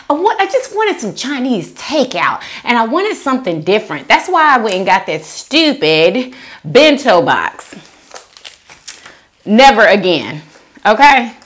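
Animated woman chatting while eating. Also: mid-range voice. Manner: chatty, animated, says "y'all" a lot, chewing sounds. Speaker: mukbang vlogger. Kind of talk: casual eat-with-me chat.

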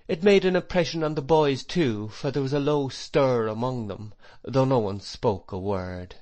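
A man reads a classic novel aloud in a measured, expressive way. His voice sits at an ordinary middle pitch. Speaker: audiobook narrator. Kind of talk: scripted narration.

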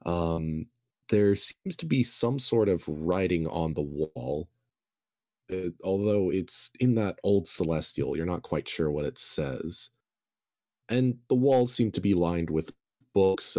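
A man narrating as game master, describing rooms slowly with many fillers and pauses. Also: low voice, expressive, warm tone, no echo, studio quality. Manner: slow, hesitant, filler-heavy descriptions.

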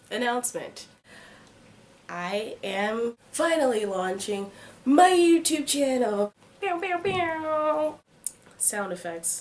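Nervous, excitable young woman vlogger. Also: a little hiss or hum. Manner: jittery, excitable and self-mocking, with sudden squeaky jumps. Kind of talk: casual vlog intro to camera.

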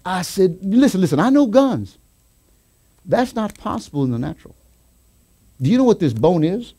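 A man preaching a sermon as pastor, telling a story with quoted voices and rising to excited shouts. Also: high-pitched, normal speed, slightly rough. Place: church sanctuary.

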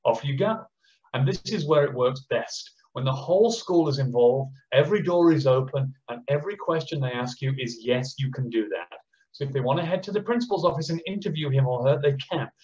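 A man's voice: on the high side, lively intonation, darkish tone. Passionate Australian man on a muffled call. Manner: passionate, acts out teachers and children in quick impressions. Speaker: education speaker. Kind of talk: online conference talk and Q&A.

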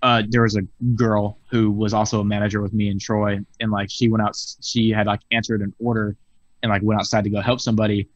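A man, a podcast guest, telling profane stories in a casual, animated way with laughs, talking over a video call. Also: on the low side, fairly quick, dry recording. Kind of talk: casual storytelling chat. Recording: dull dry video call audio.

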